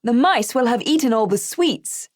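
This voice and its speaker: A woman's voice: a little high, animated, moderate pace, a little mellow, no room sound, studio quality, close to an everyday voice. A woman voicing a playful young man who teases the children, in a wry tone. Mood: teasing. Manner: wry, teasing. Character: teasing young adult man, playful uncle.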